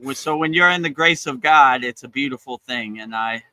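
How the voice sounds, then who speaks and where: A man giving a casual spiritual talk as a teacher, relaxed and encouraging, often repeating his phrases. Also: mid-range voice, moderate pace, no room sound, poor audio. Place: outdoors on a beach.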